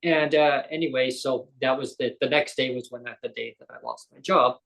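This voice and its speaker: A man's voice: mid-range voice, fairly even intonation, normal speed, vocal fry, a bit bright, poor audio. A man, a guest on a live interview show, tells a personal story in a rambling way, often correcting himself and acting out quoted dialogue.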